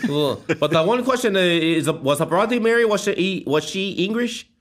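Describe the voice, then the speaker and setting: A man playing a stubborn old holdout soldier from a remote island, answering in a bemused, slow-witted way on a comedy talk show. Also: sits high, animated. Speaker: guest. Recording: noisy recording.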